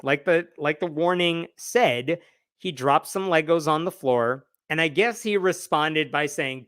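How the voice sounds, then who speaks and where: A man with a slightly high voice hosts a live news commentary show, retelling the story at an unhurried pace in a wry, animated way and acting out quotes. The recording is dry and close, with almost no room echo.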